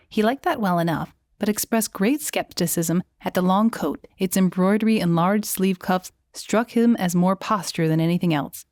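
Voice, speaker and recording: A woman narrates a fantasy romance audiobook at a measured, even pace in a mid-range voice. The recording is close and dry, with no room sound. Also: mid-range voice, no echo. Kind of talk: scripted narration.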